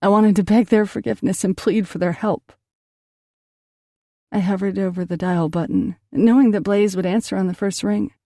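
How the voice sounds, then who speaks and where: A woman's voice: medium pitch, steady tone, moderate pace, mellow, no room sound, clean studio sound. A woman narrating an audiobook in an emotional first-person reading.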